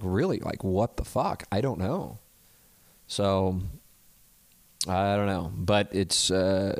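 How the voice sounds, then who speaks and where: A man in his forties with a low, gravelly voice rambles through a candid, self-deprecating chat as a podcast host. He hesitates and swears freely, and the sound is close and dry. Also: a little mellow, no echo.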